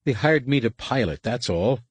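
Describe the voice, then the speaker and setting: A man voicing a nervous, talkative young male pilot held captive, speaking in an eager, hurried way. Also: mid-range voice, animated, husky, no echo, pitched above the performer's own voice.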